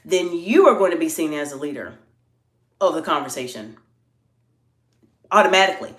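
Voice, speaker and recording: A woman executive communication coach giving a live-streamed talk, answering chat questions in a polite, animated coaching tone. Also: low voice, normal speed. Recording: roomy echo.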